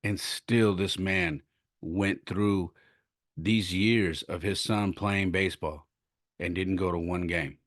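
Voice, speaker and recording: A middle-aged man hosting a podcast, earnestly retelling a story with lively restarts and self-corrections. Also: low-pitched, slow pace, dry recording, clean studio sound. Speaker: podcast host. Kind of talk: casual storytelling monologue.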